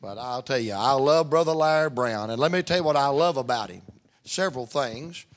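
A man's voice: mid-range voice, fairly quick. A middle-aged man, a visiting preacher telling folksy jokes before his sermon. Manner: folksy joking storyteller. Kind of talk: humorous sermon opening.

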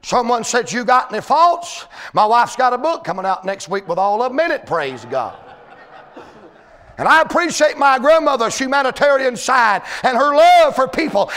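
High-voiced preacher, folksy and shouting. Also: male voice, very animated. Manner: folksy storytelling, building to shouted preaching with drawn-out words. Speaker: pastor. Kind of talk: sermon.

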